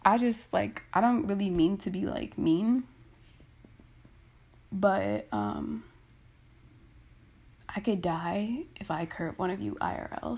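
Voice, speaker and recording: A woman's voice: medium pitch, animated, measured pace, pauses often, darkish tone, breathy edge. A woman podcast host ranting casually and bluntly into her phone, swearing and exasperated.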